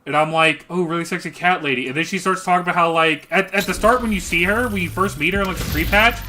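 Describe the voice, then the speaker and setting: A young man with a bright, forceful and slightly high voice, chatting casually about a game. He tells the story in an excitable way and swears a lot. His talk is loose and unscripted. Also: fast, slight background noise. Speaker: streamer. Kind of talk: casual gaming chat.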